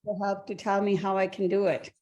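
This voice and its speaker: A woman's voice: medium pitch, level tone, a little fast, warm tone. A woman real estate agent on a coaching call, talking in a hesitant, plain way.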